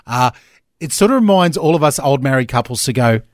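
A man's voice: medium pitch, lively intonation, brisk, no echo, studio quality. A male radio breakfast host, chatting casually and enthusiastically, with many fillers.

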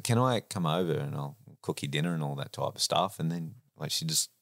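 A man's voice: extremely low pitch, fairly quick, creaky, no room sound, studio quality. An Australian man telling a rambling story as a podcast guest, casual and laughing, with frequent swearing. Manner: laid-back, rambling, swears and laughs often. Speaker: podcast guest, racing driver.

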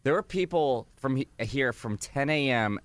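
A man's voice: mid-range voice, expressive, moderate pace, no room sound. A man chatting casually with friends, understated and dry in the way he talks. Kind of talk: casual chat among friends.

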